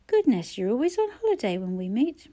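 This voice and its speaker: A woman's voice: fairly high pitch, big pitch swings, fairly quick, mellow. A woman reading a wry, flu-sick woman. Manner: dry, wry humour. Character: woman, ill with flu, wry and self-mocking.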